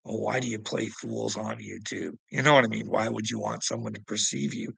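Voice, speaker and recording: A man delivering a preachy, taunting rant at a rival, laughing mockingly, swearing, and swinging between loud outbursts and low mutters. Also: steady tone, a little fast, gravelly, breathy edge, dry recording, rough recording. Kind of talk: ranting monologue to a rival streamer.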